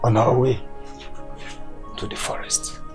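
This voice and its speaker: A man's voice: slow pace, over music, lightly acted. An actor with a Nigerian accent playing a young man frantically telling his father how he escaped being killed. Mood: frantic. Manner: frantic, breathless storytelling with shouts. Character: young man who fled execution.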